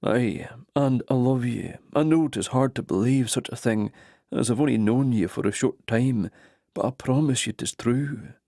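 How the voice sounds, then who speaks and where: A man plays a passionate Highland warrior with a Scottish brogue, earnest and pleading. The voice is gravelly and sits at a middling pitch. It is recorded dry and close for an audiobook. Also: moderate pace, dark tone, dry recording, natural voice. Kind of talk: audiobook character voice.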